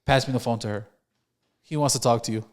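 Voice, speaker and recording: A young man telling a story on a podcast, animated, acting out the voices of the people he quotes and swearing freely. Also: mid-range voice, quick pace. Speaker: podcast host. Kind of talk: casual storytelling chat.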